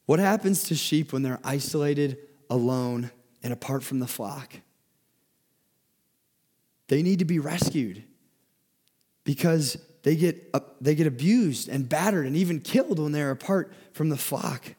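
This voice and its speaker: A young man preaching with an earnest, searching delivery, his voice sitting a little high for a man. He often stumbles over and repeats words before pushing on. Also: expressive, a little slow, dark tone, husky. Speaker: speaker giving a talk. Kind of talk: sermon.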